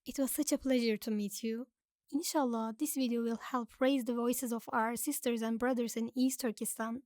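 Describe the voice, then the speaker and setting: A woman asking an interview guest polite, measured questions. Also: on the high side, fairly even intonation, a little mellow, no room sound, clean studio sound.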